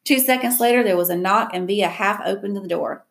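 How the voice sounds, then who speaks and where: Audiobook narrator, woman, reflective first-person reading, gravelly tone. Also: medium pitch, fairly quick, fairly bright tone.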